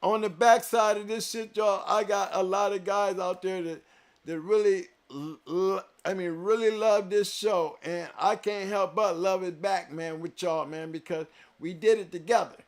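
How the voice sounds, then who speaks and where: High-pitched guy hosting his stream, preachy and emphatic, says stuff twice, gets loud then quiet. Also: steady tone, normal speed. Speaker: show host. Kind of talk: live-stream chat to viewers.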